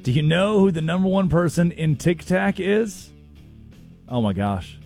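A man hosting a casual, comedic sports talk show, telling stories with quick asides. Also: high voice, vocal fry, soft background music. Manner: animated storytelling with quick asides. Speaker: sports radio host.

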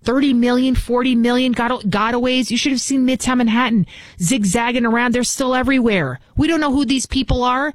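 A woman's voice: a little high, a little fast, no room sound. A woman filling in as a talk radio host, delivering a combative, scornful political monologue into a studio mic.

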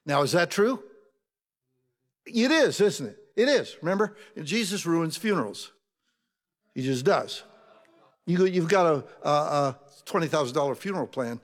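A man's voice: a little high, expressive, unhurried. A man preaching a sermon in a conversational way, putting questions to his congregation. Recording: long reverb of a large hall.

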